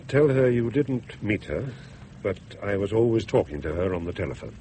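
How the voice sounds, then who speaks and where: An actor playing a reserved middle-aged father, dry and measured, in 1950s radio drama style. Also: on the low side, animated, dark tone, slight background noise.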